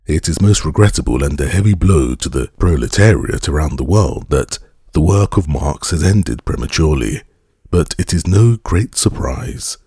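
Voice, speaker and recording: A man voicing an older German gentleman with a German accent, speaking slowly, gravely and formally in an audiobook. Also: a bass voice, lively intonation, no echo, studio quality, full character voice.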